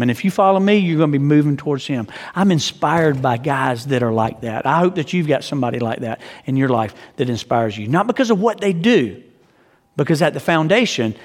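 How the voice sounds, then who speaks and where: A man's voice: on the high side, long reverb tail. A man pastor delivering a sermon in an earnest, conversational way, often asking the congregation questions.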